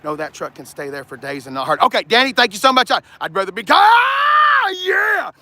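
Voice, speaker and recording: A man's voice: a little high, sing-song, fast, sharp tone. A man in a casual, jokey, rambling vlog, talking to his live chat while showing a truck. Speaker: car vlogger. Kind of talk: casual livestream walkaround.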